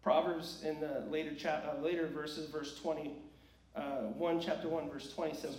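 A man's voice: fairly high pitch, normal speed, darkish tone. A man preaching a sermon in a church, earnest and emphatic, asking many rhetorical questions. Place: church sanctuary. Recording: echoey church hall, distant mic.

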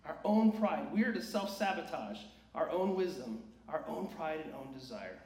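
A male preacher with a fairly high voice delivers an earnest sermon, pressing his point with rhetorical questions. He sounds set back from the mic in a reverberant church sanctuary. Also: lively intonation, moderate pace, darkish tone. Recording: echoey church hall, distant mic.

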